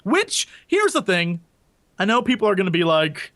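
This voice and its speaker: A man co-hosting a podcast in casual chat, excitable and self-mocking, laughing often. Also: high voice, moderate pace, no echo, studio quality. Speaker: podcast co-host.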